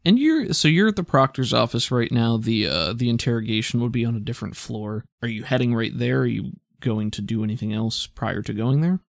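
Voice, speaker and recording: A man narrating as game master in a relaxed, rambling way. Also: medium pitch, fairly quick, creaky, no room sound, clean studio sound.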